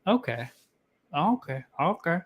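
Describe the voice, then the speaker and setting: A man's voice: a little high, sing-song, slow pace, slightly rough. A young man hosting a casual whiskey tasting chat, rambling and self-deprecating, with lots of fillers. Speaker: whiskey tasting show host.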